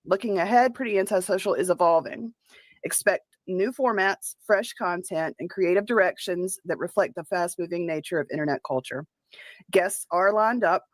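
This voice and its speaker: A woman reading a scripted statement about her show in a measured, formal way. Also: lowish voice, no echo. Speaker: show announcer.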